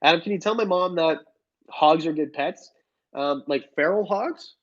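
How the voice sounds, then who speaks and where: A man's voice: a little high, normal speed. A young man hosting a casual reptile livestream, joking and reading chat comments aloud. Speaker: reptile channel host answering live chat. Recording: dull lo-fi stream audio.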